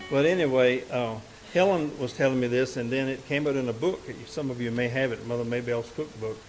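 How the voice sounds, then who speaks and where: A man's voice: mid-range voice, fairly quick, soft background music, poor audio. A man, a musician and bandleader telling a story to a live audience from the stage. He talks in a folksy, rambling way, with lots of "and, uh" restarts.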